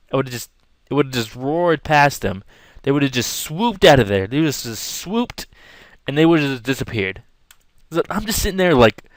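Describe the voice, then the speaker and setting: With a mid-range voice and no echo in the recording, a young man draws while telling the camera a rambling, casual story. He acts out the scenes animatedly, at points pretending to yell.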